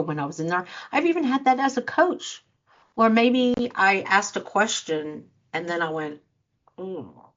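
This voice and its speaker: A life coach and show host gives listeners an earnest motivational talk, acting out quoted reactions along the way. Her voice is mid-range and a bit bright, and the lo-fi recording sounds dull.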